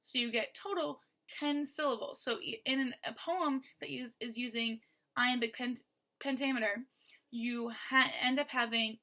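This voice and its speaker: A woman gives a poetry lesson in a patient, steady way, tapping out beats as she explains them. Her voice sits a little high and sounds bright and clear. She talks slowly and deliberately. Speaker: teacher.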